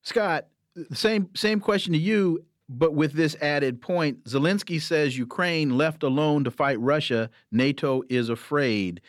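A man's voice: a little high, measured pace, no echo. A man hosts a radio interview and puts a question to his guest. He reads out a setup in an emphatic, pressing way. The room sound is dry and close. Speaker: radio host.

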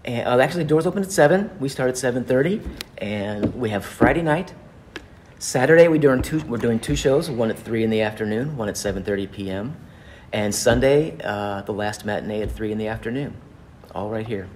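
A man's voice: medium pitch, brisk, a little mellow, slight background noise. A man, the organizer of a stage show, chatting in an interview in an upbeat way with frequent fillers. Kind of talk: casual interview chat.

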